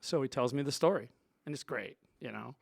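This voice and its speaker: A man's voice: medium pitch, fairly quick, vocal fry, no echo, clean studio sound. Rambling man telling showbiz stories. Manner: rambling, full of "you know" asides. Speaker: sound engineer, show guest. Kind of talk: storytelling in a conversation.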